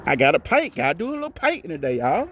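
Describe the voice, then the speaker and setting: With a slightly high voice that swings widely in pitch, this male vlogger talks quickly and casually to the camera over some background noise. He drives his points home through repetition and keeps turning to his viewers with questions.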